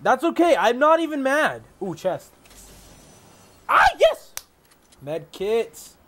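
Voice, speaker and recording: A young man giving live gameplay commentary, boastful and hyped, yelling whenever he gets excited. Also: very high voice, unhurried. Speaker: gamer.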